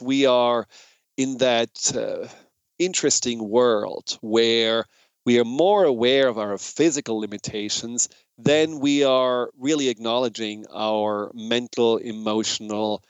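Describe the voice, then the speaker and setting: A man with a German accent hosting a radio talk show, speaking in a relaxed, conversational way with fillers and restarts. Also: mid-range voice, clean tone, no room sound.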